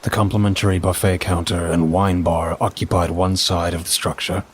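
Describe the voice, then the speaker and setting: Brief: deep-voiced male narrator for a dark story, husky and measured. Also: little pitch movement. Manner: measured, first-person storytelling.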